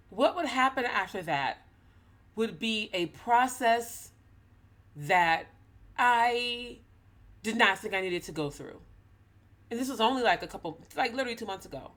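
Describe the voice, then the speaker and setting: A woman's voice: mid-range voice, a bit bright. A woman in ministry telling a personal story to her audience, earnest and emotional, close to tears as she speaks. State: holding back tears. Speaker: ministry host. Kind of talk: personal talk to camera.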